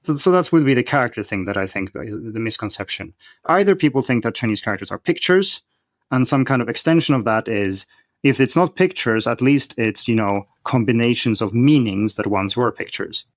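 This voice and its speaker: A man's voice: medium pitch, animated, fairly quick, no echo, clean studio sound. A man speaking as a podcast guest, explaining a language-learning topic in a methodical, teacherly way. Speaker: guest expert on learning Chinese. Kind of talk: podcast conversation.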